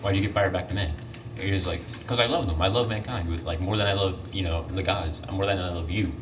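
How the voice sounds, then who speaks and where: A teenage boy rambles through a story mid-game, piling up fillers and correcting himself as he goes. His voice sits somewhat low. The mic is set back from him, and steady noise runs underneath. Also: quick pace. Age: teens. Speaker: gamer retelling myths. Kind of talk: casual gaming commentary. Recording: distant mic with clear background noise.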